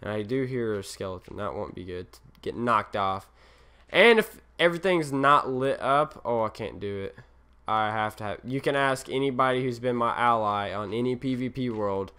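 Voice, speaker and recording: A young man talks his way through a session of his game, rambling and poking fun at himself as he wanders between tasks. His voice is bright and forceful, with a smooth, crisp tone. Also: medium pitch, lively intonation, normal speed. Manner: rambling, self-mocking, easily distracted. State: tired. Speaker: gaming channel host. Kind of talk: Let's Play commentary.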